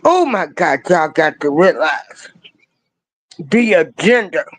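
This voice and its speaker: An older woman giving ranting commentary, hammering the same rhetorical questions and swinging between rising cries and low asides in slangy speech. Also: sing-song, slow pace, no echo, low-quality recording. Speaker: online commentator.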